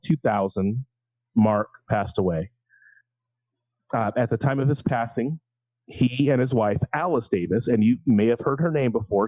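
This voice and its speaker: A man co-hosting a casual podcast, telling a story in a relaxed, halting way. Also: lowish voice, no room sound, highs cut off. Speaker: podcast co-host.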